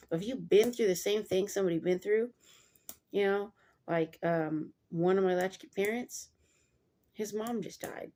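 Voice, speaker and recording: Woman, Bible reading vlog, chatty asides, lots of fillers, mellow, dark tone. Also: medium pitch, moderate pace, a little hiss or hum. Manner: chatty, digressive, many fillers. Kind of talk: Bible reading with casual commentary.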